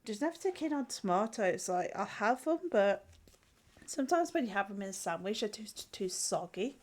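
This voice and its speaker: A woman's voice: mid-range voice, sing-song, moderate pace. A young woman streaming while she draws. She has a stuffy nose from a cold and chats casually with viewers, giggling often and restarting her sentences. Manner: chatty, giggly, answers chat, frequent restarts. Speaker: streamer and artist. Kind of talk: casual live-stream chat while drawing.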